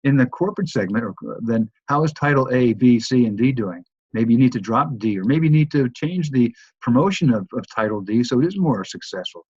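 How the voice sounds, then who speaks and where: A man's voice: mid-range voice, expressive, brisk, few pauses, a little mellow, breathy edge, no echo, highs cut off. A man teaching a recorded course, talking loosely with many restarts and repeated words. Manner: loose, repetitive delivery with frequent restarts. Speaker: course instructor.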